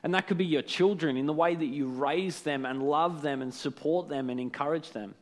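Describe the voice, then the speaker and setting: A man's voice: fairly high pitch, moderate pace. A man giving a casual devotional talk as a preacher, conversational and often checking in with tag questions.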